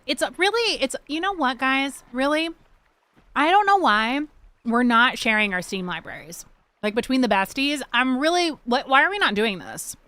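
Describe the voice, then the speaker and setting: A woman streaming a video game, chatting to her viewers, swearing freely and reacting fast to the gameplay. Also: sits high, expressive, sharp tone, dry recording. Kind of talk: casual gameplay livestream chat.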